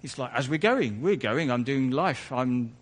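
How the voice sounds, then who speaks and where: A man's voice: mid-range voice, animated, measured pace. A man preaching a conversational sermon in church, full of asides and self-corrections.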